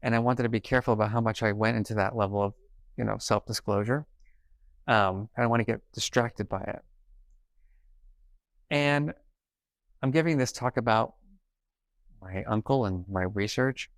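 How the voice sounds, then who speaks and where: A middle-aged man giving a conference keynote, telling stories and acting out quoted dialogue in an animated way. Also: lowish voice, normal speed, long pauses, dry recording. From New York. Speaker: keynote speaker. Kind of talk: conference talk, storytelling. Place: conference stage.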